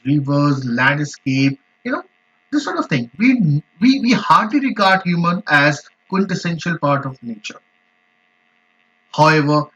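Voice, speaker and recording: Man teaching slowly and emphatically, lo-fi. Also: fairly high pitch, a bit bright. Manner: slow, emphatic explanations with repeated examples. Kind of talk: explaining a poem in an online class. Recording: dull lo-fi recording.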